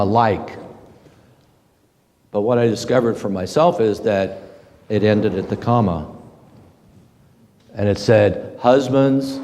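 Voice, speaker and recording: A middle-aged man giving a slow, halting, earnest personal testimony to a men's group. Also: fairly low pitch, a little mellow. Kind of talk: reflective personal testimony talk. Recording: long hall reverb.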